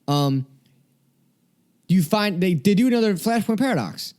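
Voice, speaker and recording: A man with a slightly high voice co-hosts a casual comics chat. He rambles, curses freely and often leaves sentences unfinished. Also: expressive, normal speed, a little mellow. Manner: rambling, swears often, trails off mid-sentence. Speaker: podcast co-host.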